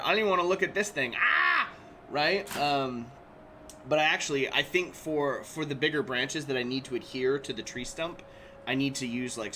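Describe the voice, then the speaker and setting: Bright-voiced guy in his 30s chatting on a crafting livestream, laughs a lot, faint hiss behind. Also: mid-range voice. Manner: chatty, laughs often, reads chat aloud. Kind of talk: casual livestream chat.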